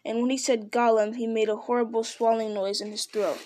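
A woman reading a fantasy storybook aloud, unhurried, with small slips and restarts. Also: a little high, little pitch movement, mellow. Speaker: reader.

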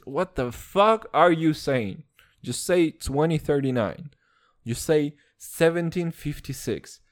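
Young male podcaster, non-native English with an American lean, swearing and jumping between loud bursts and mutters, dry close mic. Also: mid-range voice, no echo. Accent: mixed Eastern European and American. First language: Serbian or Turkish. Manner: profane, rambling, self-mocking, swings between shouts and mutters. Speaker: podcast host. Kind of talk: casual solo podcast rant.

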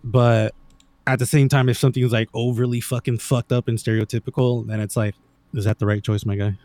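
A man's voice: medium pitch, level tone, a little fast, mellow, dry recording. A man in his thirties co-hosting a podcast, blunt and opinionated, swearing often. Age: 30s. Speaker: podcast co-host. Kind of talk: casual podcast chat.

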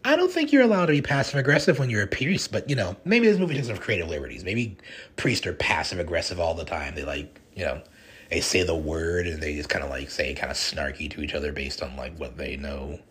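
Male podcast host, casual rambling retelling, husky with a lively pitch. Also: quick pace. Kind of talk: casual chat.

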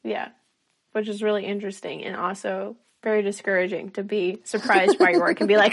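A woman co-hosting a podcast in casual chat, relaxed, laughing easily and leading the segments. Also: mid-range voice, a little fast. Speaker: podcast co-host.

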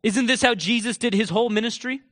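A man preaching a sermon in a church, emphatic and full of rhetorical questions, sometimes dropping to quiet asides. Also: extremely high pitch, fast. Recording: long reverb of a large hall.

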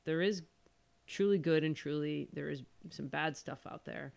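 A woman's voice: deep voice, moderate pace, vocal fry, a little mellow. A woman appearing as a podcast guest in casual chat, speaking in an earnest, heartfelt way. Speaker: podcast guest, veteran filmmaker.

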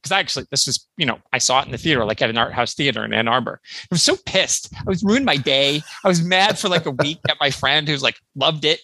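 A man with a somewhat high, bright, forceful voice hosts a casual podcast chat. He talks in an animated way, swears freely and breaks into quick laughs. The sound is dry and close. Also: dry recording. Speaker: podcast host. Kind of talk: casual chat about comics.

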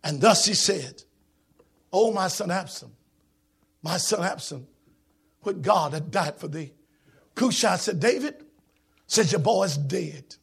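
A man preaching a sermon in a church, shouting in a sing-song preaching cadence with a raspy voice. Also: high voice, animated, measured pace, pauses often.

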